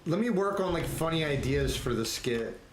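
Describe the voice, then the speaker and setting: A man chatting casually on a live game stream, excitable and rambling, laughing often. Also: a little high, moderate pace, a little hiss or hum. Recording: echoey room with faint ambience.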